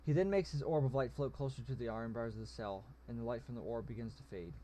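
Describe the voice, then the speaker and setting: Role: story game reader. Sex: man. Style: casual narration. Pitch: medium. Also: quick pace, warm tone. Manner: casual reading with asides. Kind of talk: narrating a text adventure.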